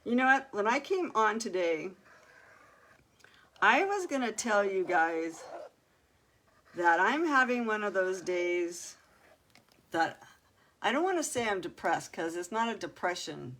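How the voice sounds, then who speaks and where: A woman's voice: medium pitch, very animated, unhurried, pauses often, a bit bright, slight background noise. An older woman hosting a casual crafting livestream, chatting straight to her viewers, exclaiming and laughing often as she works.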